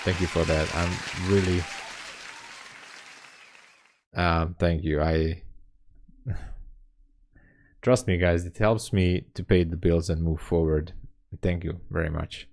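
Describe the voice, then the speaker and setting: On his home trading livestream, a man with a Hungarian accent answers viewer comments in casual chat, laughing frequently. His deep, slightly mellow voice stays fairly even, and he talks a little slowly with long pauses.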